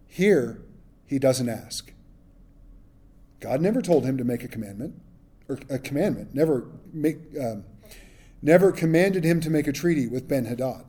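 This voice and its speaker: Mellow-voiced man teaching scripture. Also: on the high side, very animated, normal speed, long pauses, slightly rough. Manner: reads scripture then adds casual, joking asides. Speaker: pastor. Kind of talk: conversational Bible teaching.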